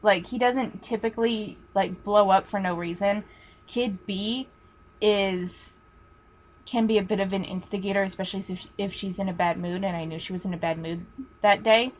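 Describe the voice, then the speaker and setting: A woman's voice: medium pitch, fairly even intonation, moderate pace, slight background noise. A woman teacher telling a story in a casual, chatty way, swearing freely.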